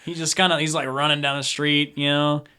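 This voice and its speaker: A man's voice: fairly high pitch, flat delivery, a little fast, bright, forceful tone, clean tone. A man narrating a tabletop game as game master, rambling casually and laughing often.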